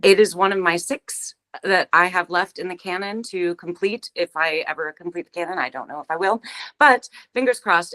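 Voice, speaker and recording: A middle-aged woman with a somewhat low voice introduces herself over a video call. She speaks in an upbeat, enthusiastic way and laughs often. She sounds like a seasoned stage actor chatting casually. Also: a bit bright.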